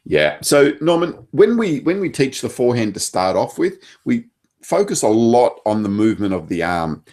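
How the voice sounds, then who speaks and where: A man's voice: mid-range voice, very animated, normal speed, a little mellow. An Australian man, a table tennis coach, chatting casually with many fillers and restarts. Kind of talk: casual chat.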